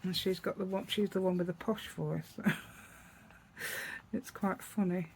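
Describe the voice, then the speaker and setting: A woman's voice: lowish voice, fairly even intonation, unhurried, a little mellow, slight background noise, low-quality recording. A middle-aged woman with an East Midlands English accent, chatting casually through a craft tutorial at her table, rambling and asking tag questions.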